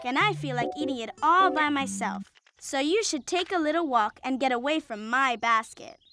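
A prissy cartoon girl, high voice, huffy. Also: sharp tone. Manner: prim, huffy. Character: prim young cartoon girl, selfish at snack time.

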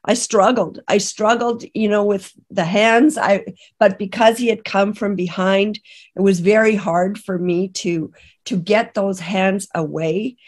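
A middle-aged woman from Canada, a podcast guest, telling an emotional personal testimony in a halting way with many restarts. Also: medium pitch, fairly even intonation, a little mellow. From British Columbia, Canada. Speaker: interview guest.

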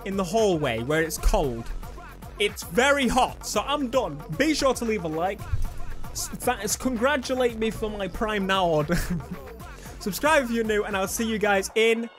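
A young man on a headset, chatting through a let's play with excitable outbursts. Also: high voice, normal speed. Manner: chatty, excitable, bursts into loud exclamations. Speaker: gaming YouTuber. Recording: game music loud behind voice.

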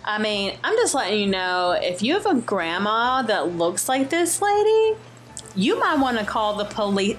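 A young woman giving excitable, jokey Let's Play commentary as a gaming YouTuber, often exclaiming and shrieking. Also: medium pitch, measured pace. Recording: faint game music behind.

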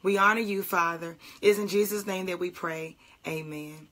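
A woman's voice: medium pitch, fairly even intonation, moderate pace, bright, forceful tone. A woman pastor, greeting livestream viewers by name and leading a fervent flowing prayer.

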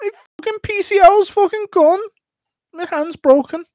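Shrill, whiny boastful fighter. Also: male voice, normal speed, darkish tone, dry recording, clean studio sound. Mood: whining. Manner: shrill, defensive, swearing. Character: squeaky, whiny, boastful male fighter making excuses.

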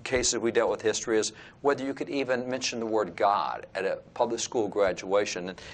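A man's voice: lowish voice, a little fast. A man with a Texan accent, talking earnestly as an interview guest about history in a room full of old books. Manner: earnest, lecturing, reads aloud from old books. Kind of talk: informal explanatory talk. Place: room surrounded by old textbooks.

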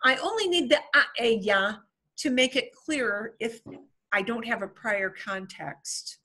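A woman teaching a beginner Spanish class. She speaks slowly and patiently, in a bright, fairly high voice. She explains grammar with playful, homely comparisons.

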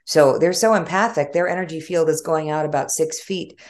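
A middle-aged woman with a Chicago accent, a former journalist telling stories in an animated, conversational interview. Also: sits low, moderate pace. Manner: animated storytelling with frequent laughs. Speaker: guest, former broadcast journalist.

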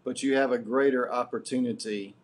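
A middle-aged man giving a live class lecture as guest lecturer, building his points deliberately and earnestly. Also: mid-range voice, steady tone, a little hiss or hum.

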